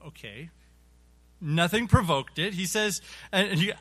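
A man teaching an adult Sunday school Bible lesson, halting and repeating words, chuckling as he acts out illustrations. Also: sits high, animated, sharp tone.

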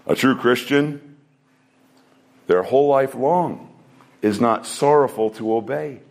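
A man's voice: medium pitch, slow, creaky, a little mellow. Earnest man preaching a sermon. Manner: earnest preaching, rhetorical questions, shifting pace. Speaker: pastor.

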